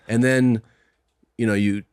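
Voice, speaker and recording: Speaking unhurriedly in a smooth, darkish mid-range voice with steady tone, a middle-aged podcast host and comedian relaxes into an anecdote, voicing the people in it. The studio mic in his podcast studio gives clean sound with no echo.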